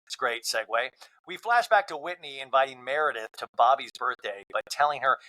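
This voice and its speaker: A man hosting a comedic solo podcast recap, with a bright, ringing voice that swoops all over. He talks playfully and keeps breaking into quick impressions. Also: mid-range voice, poor audio. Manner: animated, playful, mimics the people he recaps. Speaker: podcast host.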